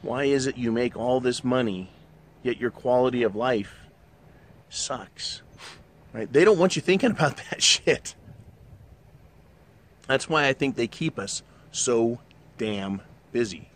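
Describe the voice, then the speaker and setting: A man's voice: mid-range voice, expressive, slow pace, pauses often, a little hiss or hum. Blunt, swearing man ranting. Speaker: show host. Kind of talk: opinionated monologue.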